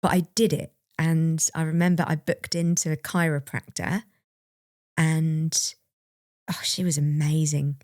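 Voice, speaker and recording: A woman's voice: low-pitched, flat delivery, measured pace, darkish tone, no echo, studio quality. A young adult woman co-hosting a podcast, candidly and reflectively telling a personal story and laughing now and then. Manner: open, reflective, laughs while recalling. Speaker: podcast co-host.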